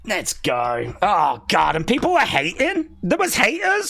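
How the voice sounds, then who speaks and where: A streamer calling out live reactions, swinging widely between a low murmur and high excited shouts. The voice is bright and edged with gravelly fry, and the talk is unhurried but full of bursts of enthusiasm. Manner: excitable, shouts and laughs, chatty asides. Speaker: live stream watch-along host.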